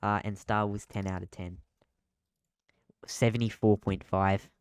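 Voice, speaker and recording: A man's voice: on the low side, flat delivery, measured pace, smooth, dry recording. A young man co-hosting a casual podcast from his room, jumpy and joking as he reads out scores. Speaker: podcast co-host. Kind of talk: casual chat.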